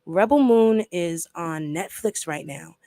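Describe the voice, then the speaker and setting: A woman hosting a casual livestream, talking excitedly to her viewers and swearing freely. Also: on the low side, takes it slowly, dry recording. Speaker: livestream host.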